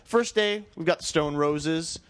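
A man's voice: fairly high pitch, a little slow, slight background noise. A man hosting a podcast in casual chat, joking and steering the talk. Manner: joking, runs the show. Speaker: podcast host.

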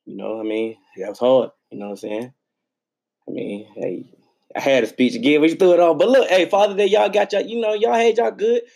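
A man's voice: on the high side, fairly quick, creaky, darkish tone. A man co-hosting a sports podcast, talking in a hyped, slangy, teasing way. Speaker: podcast co-host. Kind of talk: casual sports podcast chat.

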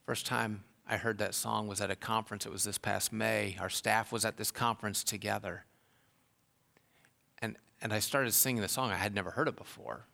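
A man's voice: fairly low pitch, steady tone, moderate pace, creaky, pushed and bright. A man preaching a sermon, earnest and heartfelt, building into raised, emphatic passages. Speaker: pastor.

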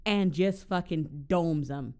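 Animated, swearing man on a podcast. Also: fairly high pitch, slow, smooth. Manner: animated, heavy swearing, lots of fillers. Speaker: podcast co-host. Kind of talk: casual chat, retelling a film scene.

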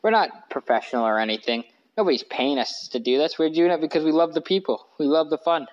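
A man's voice: fairly high pitch, fast, highs cut off. A man hosting a casual sports podcast from his couch, rambling and correcting himself with lots of fillers. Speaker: podcast host. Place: living room couch.

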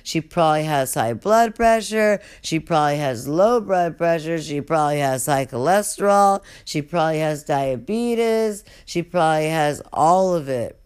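A casual storyteller rambling through a comic memory, swearing freely and stretching out the asides. The voice is smooth and clear, at a middling pitch. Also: expressive, a little slow, hardly any pauses. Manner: profane, rambling, drawling asides.

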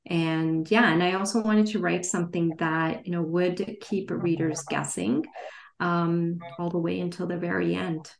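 A woman with a lowish voice reads her own fiction over a video call and then talks about it. Her speech is hesitant and full of fillers. The sound is roomy and echoey. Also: fairly even intonation, measured pace, gravelly. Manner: hesitant, many fillers and restarts. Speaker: author. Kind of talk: reading her novel aloud, then interview answers. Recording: roomy echo.

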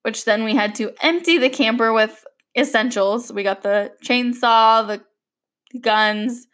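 A woman's voice: a little high, takes it slowly, a bit bright. A young adult woman hosting a podcast, telling a story in a chatty, rambling monologue. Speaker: podcast host. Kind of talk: casual monologue.

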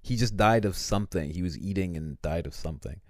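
A man's voice: low voice, a little fast, a little mellow, no echo, clean studio sound. A young man co-hosting a casual comedy podcast, riffing with slang, swearing and jokes. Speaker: podcast co-host.

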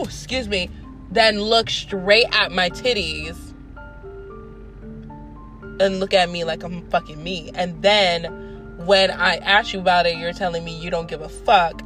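A young woman tells a story in a loose, profane, animated way, jumping into the voices of the people she quotes. Her voice sits at an ordinary pitch, and soft music plays faintly behind her. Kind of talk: casual storytelling.

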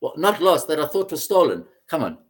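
A man, a guest in an interview, telling a personal story in an animated, casual way and swearing freely. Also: fairly high pitch, fairly quick, husky. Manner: animated, swears, says "mate" often.

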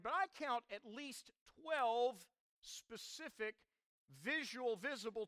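A man preaching a sermon as pastor, swinging dramatically from quiet asides to loud, ringing emphasis. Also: very high-pitched, smooth, no room sound, studio quality.

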